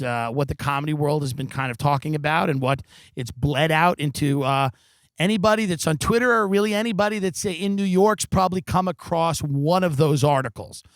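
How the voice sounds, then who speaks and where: A man's voice: a little high, dry recording. A man hosting a comedy podcast, delivering a sardonic, profane rant from the backyard of a rental house. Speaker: podcast host. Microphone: studio microphone.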